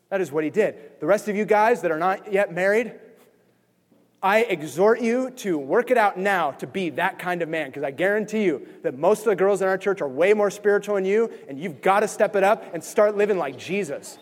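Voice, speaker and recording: High-voiced guy preaching hard, almost yelling, church echo all over. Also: brisk. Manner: passionate, near-yelling preaching with wide swings in loudness. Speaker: pastor. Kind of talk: sermon. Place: church sanctuary.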